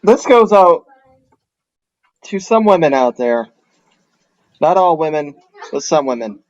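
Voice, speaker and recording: A man's voice: on the high side, very animated, takes it slowly, dry recording. Wisecracking man, dull dry sound. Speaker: podcast co-host. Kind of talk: casual chat.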